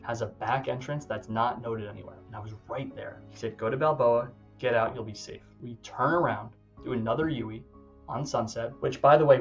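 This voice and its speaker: A man in his thirties recounts a personal story in a casual, urgent way, full of fillers and broken-off words. His voice sits at an ordinary middle pitch. The sound is a little dull, with faint music behind him. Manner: casual, intense retelling with filler "like" and self-interruptions. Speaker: agency coach telling a personal story.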